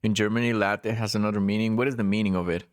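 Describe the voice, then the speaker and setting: A man's voice: lowish voice, steady tone, fast, clean tone, no echo, studio quality. A man from Spain, chatting casually on a live stream and patiently explaining, repeating himself. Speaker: livestreamer.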